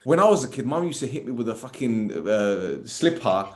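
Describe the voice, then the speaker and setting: A man's voice: mid-range voice, normal speed. A man co-hosting a fantasy football podcast, chatting casually and animatedly, swearing freely. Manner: animated, swearing, does mock voices. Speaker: podcast co-host. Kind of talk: casual banter.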